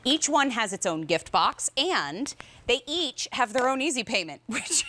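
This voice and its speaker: A woman hosting a live shopping channel show, chatting bubbly and quick between prices in a TV studio kitchen. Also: on the high side, very animated, sharp tone. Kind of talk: live TV sales chat.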